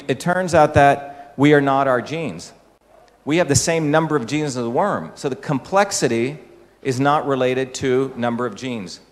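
Man lecturing in a reverberant hall. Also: mid-range voice. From India. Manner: explanatory, with rhetorical questions to the audience. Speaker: speaker addressing an audience. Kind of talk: public talk. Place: large hall with an audience. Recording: echoey hall.

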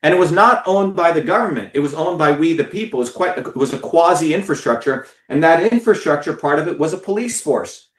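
A man's voice: fairly high pitch, lively intonation, a little fast, few pauses. Fiery, profane man in an echoey room. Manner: profane, emphatic, repeats words for stress. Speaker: political speaker. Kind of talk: impassioned talk to followers.

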